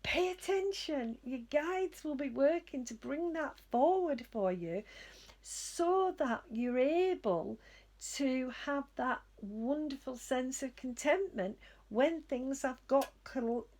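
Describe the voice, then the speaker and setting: A woman psychic medium giving spiritual guidance in a gentle, reflective way, often laughing at herself. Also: high voice, expressive, takes it slowly.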